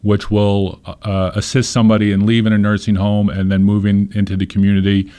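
Low-voiced man explaining earnestly. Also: monotone, fairly quick, warm tone, clear, resonant tone. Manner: earnest, explains with examples and stories. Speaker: nonprofit leader being interviewed. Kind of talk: conversational interview.

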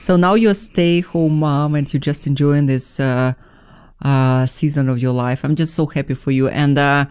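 A woman's voice: sits low, normal speed, darkish tone, clean tone. A woman in her late thirties with an Eastern European accent, hosting a casual interview and talking animatedly with many fillers and restarts. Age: 30s. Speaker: host.

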